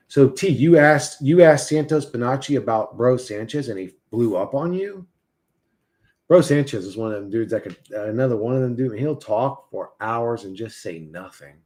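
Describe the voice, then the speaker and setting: A man's voice: medium pitch, darkish tone. A man live streaming in a casual, rambling, profane way, reading and answering his chat.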